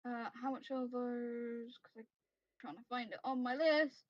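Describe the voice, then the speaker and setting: A woman's voice: on the high side, steady tone, measured pace, no echo. A woman playing a tabletop game, chatting casually and thinking aloud while she checks her notes, on a dull, lo-fi mic. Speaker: player.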